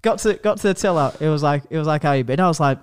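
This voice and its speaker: A man in casual podcast chatter, his voice sitting high for a man. He talks in animated, sweary bursts and laughs easily. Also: fast, clean tone. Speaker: podcast co-host. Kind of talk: casual chat.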